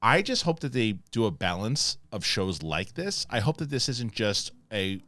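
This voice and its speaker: A man's voice: fairly low pitch, moderate pace, dry recording. A man hosting a casual talk show, acting out scenes with quoted lines as he talks. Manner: animated, acts out scenes in quoted voices. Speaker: podcast host. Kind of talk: casual chat.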